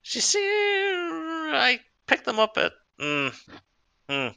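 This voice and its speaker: A man's voice: very high-pitched, wildly swooping pitch, vocal fry, bright, forceful tone, dry recording, muffled recording, voice pushed up, full character voice. A man voicing a haughty, forgetful female talking horse who drawls and hums as she thinks. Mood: drawling. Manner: slow drawling with musing hums.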